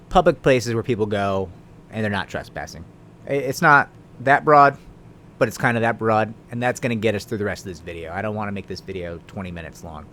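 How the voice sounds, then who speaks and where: A man's voice: lowish voice, a bit bright. A man, a lawyer, explaining the law in a casual video, talking conversationally with tag questions and dry sarcastic asides.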